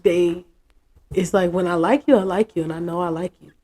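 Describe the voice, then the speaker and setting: Woman, husky, mellow, casual storytelling, animated. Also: on the low side, a little fast. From United States. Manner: animated, acts out quotes, frank and profane. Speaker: interviewee.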